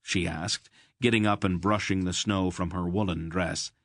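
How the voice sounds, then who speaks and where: A man narrating an audiobook in a measured storytelling manner on a close mic. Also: low voice, steady tone, a bit bright, dry recording. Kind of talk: scripted narration.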